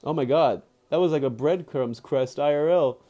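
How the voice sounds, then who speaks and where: Reading a book aloud during a live stream, this man keeps drifting into casual chat while his dogs hang around at home. He sounds lively and laughs easily, with a voice on the high side and frequent mid-sentence self-corrections.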